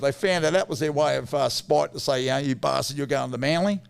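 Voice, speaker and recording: Gravelly Australian bloke spinning yarns. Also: male voice, medium pitch, quick pace. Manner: blunt, laddish yarn-telling with slang and swearing. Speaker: guest, former rugby league player. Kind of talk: casual storytelling interview.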